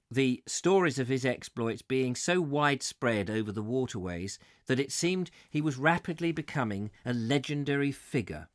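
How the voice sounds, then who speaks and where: A man's voice: medium pitch, fairly bright tone, dry recording, clean studio sound. A man hosting a live book reading, reading steadily and breaking off for chatty, amused asides and self-corrections. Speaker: host reading a book aloud.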